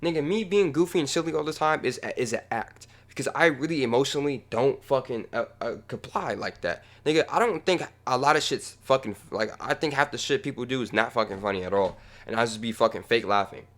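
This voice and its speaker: A young man talks casually for his music channel. He rambles and swears a lot, sometimes mumbling low and sometimes building into a heated rant. His pitch sits in the middle range. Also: animated, a little fast, hardly any pauses, a bit bright. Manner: rambling, profane, swings from mumbling to heated ranting. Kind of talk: casual reaction vlog.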